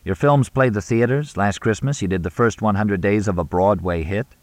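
A man playing a wry, deadpan journalist. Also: lowish voice, moderate pace, no echo, natural voice. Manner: dry, deadpan quips. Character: wry male journalist, dry-witted.

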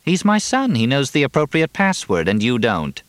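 Man voicing a weary sharp-tongued mother. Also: mid-range voice, wildly swooping pitch, normal speed, no echo, voice pushed up. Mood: matter-of-fact. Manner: blunt, defensive.

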